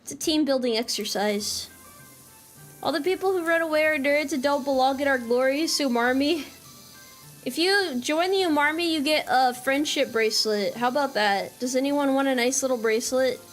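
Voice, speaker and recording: A woman's voice: sits high, normal speed, soft background music. A woman streamer giving casual gameplay commentary, playful and teasing.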